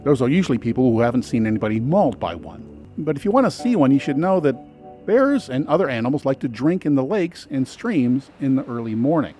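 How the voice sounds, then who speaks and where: A man's voice: medium pitch, lively intonation, brisk, dark tone, soft background music. A man narrating a scripted travel guide in an earnest, advisory voice-over. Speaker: travel video host.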